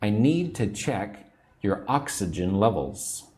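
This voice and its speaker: A man's voice: lowish voice, big pitch swings, takes it slowly, a little mellow. A man teaching an English lesson on a livestream, patiently repeating words for learners and sounding a little sleepy. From United States. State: sleepy, yawning.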